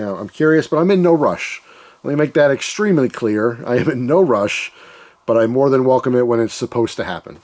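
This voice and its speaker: A man's voice: on the low side, a little mellow. A man hosting his own channel, talking in a rambling, candid way and describing himself as emotional. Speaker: channel host. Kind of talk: casual reflective vlog monologue.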